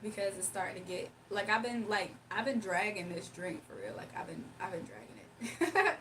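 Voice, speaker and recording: A woman's voice: medium pitch, lively intonation, normal speed, a bit bright, distant mic, a little hiss or hum. A young woman hosting a casual livestream, chatting, laughing often and reading viewers' comments aloud. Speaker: livestream host doing readings.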